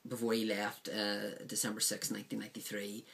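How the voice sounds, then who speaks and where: A man's voice: lowish voice, monotone, brisk, creaky, a bit bright. A man casually reviewing a DVD set, rambling with frequent ums and likes.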